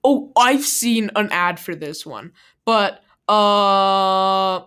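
A woman's voice: mid-range voice, very slow, fairly bright tone, clear, resonant tone. Playful woman guessing game answers. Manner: playful, jokey, laughs often. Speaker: contestant. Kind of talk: casual game chat.

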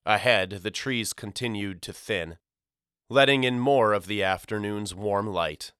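A man narrating an audiobook in the first person, with measured, somber storytelling. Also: fairly low pitch, fairly bright tone, clear, resonant tone, no room sound, clean studio sound.

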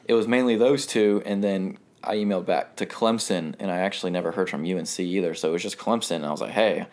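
Low-voiced young man telling a story. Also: fast, darkish tone. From North Carolina, US. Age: 20s. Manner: rambling, lots of fillers and laughs. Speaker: guest. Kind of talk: casual storytelling.

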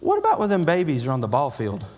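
A man's voice: a little high, wildly swooping pitch, quick pace, darkish tone, big-room sound. A man preaching a sermon as pastor, building emphasis through repeated phrases and acting out quotes from his congregation. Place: church sanctuary.

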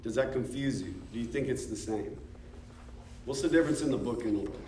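Recorded from a distance in an echoey room with slight background noise, an American man leads a conversational church discipleship class. In a mellow, mid-range voice at a fairly quick pace, he quizzes the class, cracks jokes, and laughs.

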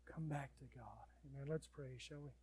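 A man preaching a sermon as pastor, swinging between loud urgent appeals and quiet pleading, then leading a prayer. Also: medium pitch, moderate pace, slightly rough.

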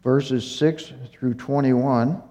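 A man giving a Bible teaching, speaking slowly and haltingly with fillers and self-corrections, a little out of breath. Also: mid-range voice, steady tone, warm tone. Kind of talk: unhurried Torah teaching. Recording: muffled recording in a reverberant hall.

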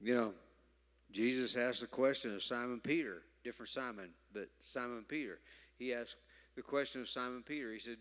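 A man preaching a sermon, emphatic, moving from loud stresses to quiet asides. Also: medium pitch, moderate pace. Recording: reverberant hall.

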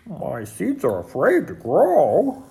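A reader voicing a fussy, anxious male toad in a storybook read-aloud, pitched high and crying out in alarm. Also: normal speed. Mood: glum. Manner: excitable, cries out in high alarm.

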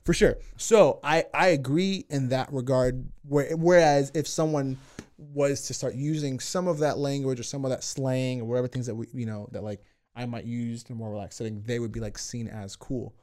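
A young man in a relaxed podcast conversation, speaking at an ordinary pitch. He often stumbles over his words, restarts his sentences and stops to ask for clarification. When he tells a story, his words tend to break up with laughter. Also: moderate pace. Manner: laughs while telling stories. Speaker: podcast co-host. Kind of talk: casual discussion.

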